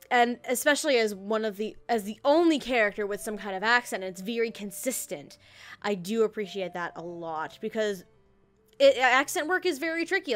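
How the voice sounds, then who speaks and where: A woman's voice: medium pitch, fairly bright tone. A woman hosting a casual podcast chat, rambling and self-correcting, laughing often. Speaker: podcast host reviewing an audio drama.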